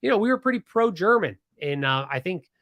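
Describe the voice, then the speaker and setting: A man from Pennsylvania tells a history story on his podcast in a casual, animated way, full of restarts and asides. His voice sits a bit high for a man. The recording is dry and close, with no room sound. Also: brisk, no echo. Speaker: podcast host.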